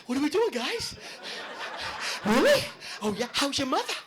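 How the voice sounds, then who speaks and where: A man's voice: very high-pitched, very animated, moderate pace, fairly bright tone, voice pushed up, heavily acted. A man on stage doing a Boston-accented tough-guy movie star who is always out of breath and confused, firing off short puzzled questions. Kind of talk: stand-up impression.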